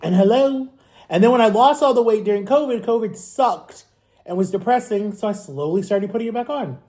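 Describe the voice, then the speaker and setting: Guy in his 30s from florida just rambling his story to the camera, kinda high but mellow voice, backs up and fixes himself a lot. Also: a little fast. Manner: rambling and candid, self-correcting. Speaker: vlogger. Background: eating on camera.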